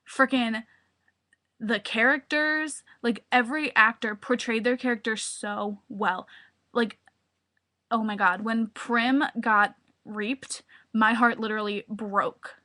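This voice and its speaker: A young woman talking excitedly into her webcam at home, gushing and full of filler words. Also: a little high, slow pace. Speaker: vlogger. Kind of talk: excited casual webcam vlog. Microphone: webcam mic.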